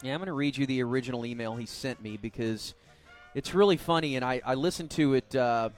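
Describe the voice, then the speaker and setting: A man's voice: medium pitch, fast, faint music behind. A man hosting a radio talk show, chatting casually and laughing often as he tells a story. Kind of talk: casual chat.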